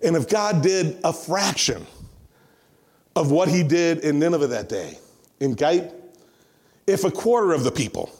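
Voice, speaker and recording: Guy preaching, kinda high voice, tells the story lively and does the voices. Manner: animated storytelling, acts out voices. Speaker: pastor. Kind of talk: sermon.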